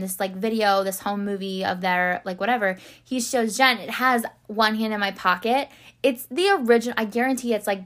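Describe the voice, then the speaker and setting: A young woman with a bright, mid-range voice hosts a podcast recapping a TV series in casual chat. She rambles, uses lots of fillers, and becomes tearful.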